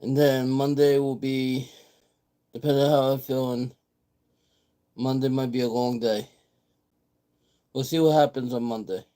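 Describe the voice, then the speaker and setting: A man's voice: mid-range voice, level tone, a little slow, pauses often, warm tone, clean tone. A man hosting his own vlog, rambling casually, repeating words and restarting his sentences. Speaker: vlogger host.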